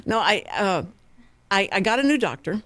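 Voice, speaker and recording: A woman with a Texan accent hosting a local morning radio talk show, telling stories in a chatty, animated way. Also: medium pitch, normal speed. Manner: chatty, animated storytelling with laughs. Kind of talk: casual radio chat. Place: radio studio. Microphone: studio microphone.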